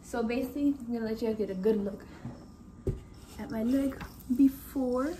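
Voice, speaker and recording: A woman's voice: on the high side, moderate pace, background noise. A woman vlogging casually at home, talking to her viewers in a frank, exclamatory, chatty way. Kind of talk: casual vlog talking to camera.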